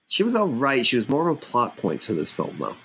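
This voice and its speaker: A man's voice: mid-range voice, huge pitch swings, fairly quick, fairly bright tone, breathy edge. A man co-hosting a casual podcast chat, speaking hesitantly with many uhs. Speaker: podcast co-host.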